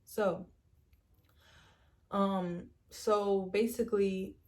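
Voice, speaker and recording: A young woman telling a storytime vlog in a chatty, animated way, acting out quoted lines and leaning on "like" and "literally". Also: mid-range voice, very slow. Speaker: storytime vlogger. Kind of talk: casual storytime.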